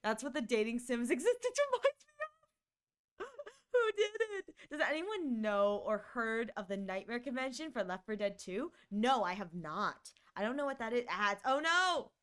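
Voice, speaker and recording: A high-pitched woman streamer chats casually with her viewers into a desk mic. Her voice is smooth and clear, and she giggles, rambles and stumbles over restarts in a playful way. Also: animated, moderate pace, fairly bright tone.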